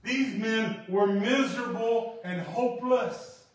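Animated preacher man in an echoey hall. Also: sits high, slow, far from the mic. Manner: animated, swings from quiet to shouting. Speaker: pastor. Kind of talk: sermon.

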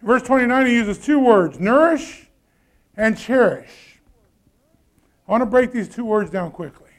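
A man's voice: extremely high pitch, expressive, unhurried, pauses often. A man preaching a sermon in a conversational way, often putting questions to the congregation. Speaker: pastor.

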